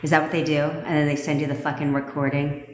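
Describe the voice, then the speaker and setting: A woman coach on a livestream rants bluntly and swears freely, her voice sitting on the low side. The sound carries a long, echoey reverb from the room around her. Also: little pitch movement, fast talker, slight background noise. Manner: blunt, profane, ranting. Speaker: manifestation coach. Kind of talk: livestream rant. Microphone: phone livestream.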